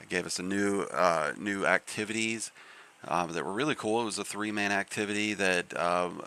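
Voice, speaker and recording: Gravelly low-voiced man streaming. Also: pushed and bright. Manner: rambling, many fillers and restarts. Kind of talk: casual live-stream chat.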